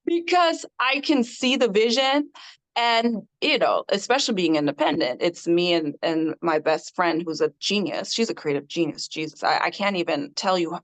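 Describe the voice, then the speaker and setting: A woman guest on a podcast interview, an independent artist telling her story in an animated way with frequent laughter. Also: lowish voice, normal speed.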